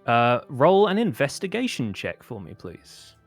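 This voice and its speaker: A man's voice: mid-range voice, wildly swooping pitch, unhurried, faint music behind. Rambling man running a tabletop game. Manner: rambling, many fillers. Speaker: game master.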